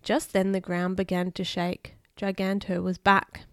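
Lady reading a kids' picture book for a podcast, smooth crisp voice, dry close sound. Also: medium pitch, completely flat delivery, measured pace, dry recording. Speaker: podcast host reading children's books.

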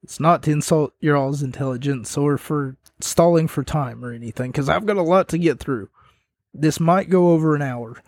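A young man giving a rambling, casual wrestling recap that grows animated as he retells the scenes. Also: on the high side, moderate pace, no echo. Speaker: wrestling commentator.

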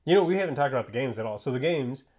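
A man's voice: medium pitch, expressive, racing, darkish tone. A man co-hosting a podcast in casual chat, talking loosely with many fillers and restarts. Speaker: podcast co-host.

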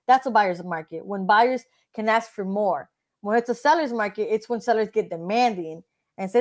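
A woman realtor talking casually in an interview, blunt and animated, often acting out what other people said. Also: mid-range voice, a little fast.

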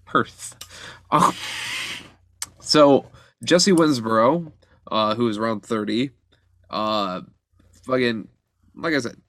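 A man's voice: mid-range voice, slow, pauses often, fairly bright tone. A man casually telling a news story on a podcast, rambling and swearing freely. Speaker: podcast co-host.

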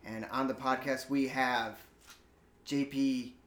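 A man's voice: medium pitch, fairly even intonation, takes it slowly, fairly bright tone. A man hosting a casual podcast chat in an easygoing, amused way. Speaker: podcast host. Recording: echoey room.

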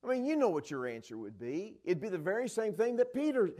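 A man's voice: high-pitched, huge pitch swings, quick pace, few pauses, warm tone. A middle-aged man from the Dallas area preaching a sermon, retelling Bible scenes and acting out the voices of the disciples. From Dallas area, Texas.

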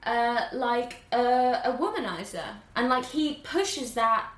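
A woman co-hosting a casual podcast, retelling a film plot quickly and animatedly with lots of fillers. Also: on the high side, reverberant. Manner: animated, fast storytelling with many fillers.

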